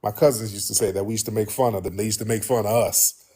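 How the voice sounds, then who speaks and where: A man hosting a show, talking straight to his listeners in a blunt, animated way and often repeating himself. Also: on the low side, fast talker, husky. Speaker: host. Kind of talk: casual monologue to listeners.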